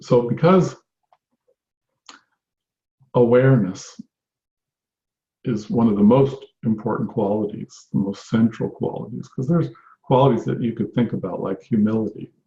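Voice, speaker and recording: A man giving an unhurried, reflective talk on meditation as a teacher, often restarting his phrases. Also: mid-range voice, gravelly, mellow. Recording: echoey room, dull lo-fi sound.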